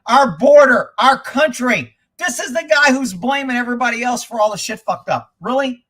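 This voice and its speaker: A man hosting a livestream of angry political commentary, profane and mocking, bursting into shouts and laughing in disbelief at clips. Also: extremely high pitch, animated, moderate pace. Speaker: livestream host.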